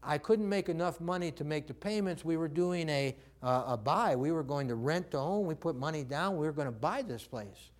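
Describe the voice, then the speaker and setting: Man, preacher, sermon storytelling, conversational, fairly high voice. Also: moderate pace, hardly any pauses. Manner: conversational, acts out quoted dialogue.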